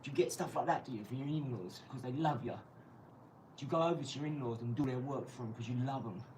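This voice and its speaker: A young man streaming live from his garage, mocking and trash-talking a viewer with sudden loud outbursts. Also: mid-range voice, fast, distant mic, a little hiss or hum, low-quality recording. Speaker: livestreamer. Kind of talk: live stream chat while boxing.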